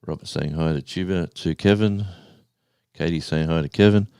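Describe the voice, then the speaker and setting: A man in his sixties, hosting a casual live stream, rambling and halting as he reads out the viewers' chat. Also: very deep voice, vocal fry, a little mellow, smooth, no room sound, clean studio sound. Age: 60s. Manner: rambling, halting, with many restarts and fillers.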